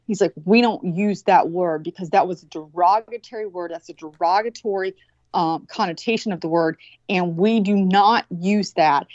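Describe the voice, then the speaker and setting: A woman's voice: fairly low pitch, normal speed, darkish tone, dry recording. Woman, Southern US accent, casual chat, blunt and profane, dry dull lo-fi sound. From American South. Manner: blunt, profane, rambling storytelling.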